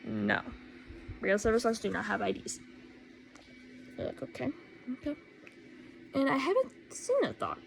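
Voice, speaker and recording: A woman's voice: medium pitch, wildly swooping pitch, moderate pace, creaky, long pauses, slight background noise, poor audio. A teenage girl telling a storytime rant, indignant and sarcastic, repeating herself for emphasis. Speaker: vlogger.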